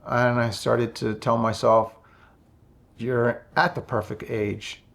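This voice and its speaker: A man in his fifties, talking slowly and softly with many pauses in a reflective personal monologue about his spiritual path. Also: mid-range voice, level tone, vocal fry. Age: 50s. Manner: slow, soft-spoken and introspective, with many pauses. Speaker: spiritual vlogger.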